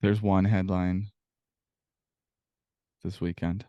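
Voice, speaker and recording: A man's voice: sits low, little pitch movement, takes it slowly, dark tone, dry recording, muffled recording. A man co-hosting a casual sports podcast, venting in a profane, exasperated rant. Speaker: podcast co-host.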